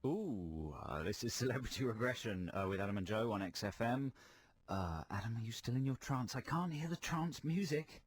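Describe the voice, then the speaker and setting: A male radio host presenting a comedy phone-in, talking calmly and playfully in a mock-hypnotist murmur. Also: medium pitch, brisk. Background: trance music.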